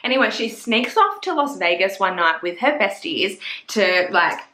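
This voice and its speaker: A woman's voice: medium pitch, animated, normal speed, bright, forceful tone, echoey room, a little hiss or hum. A woman chatting casually as a book reviewer, gushing and swearing freely. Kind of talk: casual chat.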